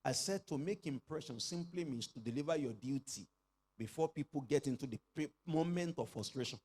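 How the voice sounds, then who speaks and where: A middle-aged male pastor delivers a sermon in a fairly high, husky voice. His pitch swings widely as he calls on the congregation to repeat after him and rises to shouted exclamations. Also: expressive, brisk. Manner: preaching with call-and-response, rising to shouted exclamations.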